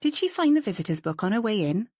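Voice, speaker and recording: A woman's voice: mid-range voice, big pitch swings, fast, darkish tone, no room sound, studio quality, voice pushed up. A woman voicing a curious, outspoken woman painter who talks in a chatty, forthright way, in a storybook reading.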